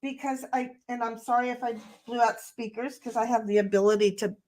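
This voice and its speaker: A woman co-hosting a live stream, telling stories in a blunt, profane, animated way from home. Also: fairly high pitch, brisk. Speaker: co-host of a live-stream talk show. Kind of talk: casual chat, storytelling. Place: home, at a computer.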